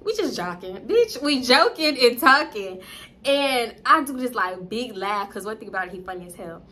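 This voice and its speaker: Young woman, bright, somewhat high voice, animated, profane storyteller. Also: moderate pace. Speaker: storytime vlogger. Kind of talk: casual storytelling.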